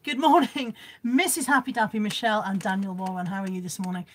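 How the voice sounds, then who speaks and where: A hoarse, froggy-voiced woman hosting a casual live stream, chatty and self-mocking as she greets viewers by name. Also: mid-range voice, lively intonation, quick pace, a little hiss or hum. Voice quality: husky, slightly froggy voice. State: hoarse from a cold. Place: indoors at home.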